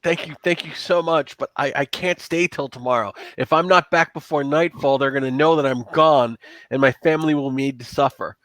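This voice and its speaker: A man's voice: a little high, fairly quick, a bit bright, dry recording, lightly acted. A man voicing a frightened young village man who stammers and pleads desperately. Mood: pleading, panicked.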